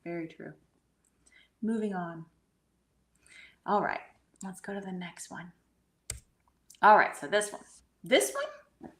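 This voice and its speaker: Low gravelly-voiced woman telling a personal story. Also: fairly even intonation, takes it slowly, pauses often. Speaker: guest medium and hypnotherapist. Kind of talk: casual storytelling conversation.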